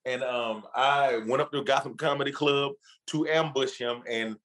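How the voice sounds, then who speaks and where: This male interview guest speaks at a normal speed in a mid-range voice, and the recording quality is poor. Chatting casually, he spins a story in rough, sweary street slang, playing out each quoted person with laughs like a lively storyteller.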